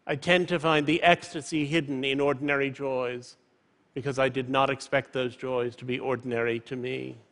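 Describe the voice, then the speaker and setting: A man in his fifties giving a prepared public talk from a stage, in a measured, eloquent way. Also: mid-range voice, flat delivery, a bit bright. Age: 50s. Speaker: public speaker. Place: stage in a large hall. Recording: reverberant large auditorium.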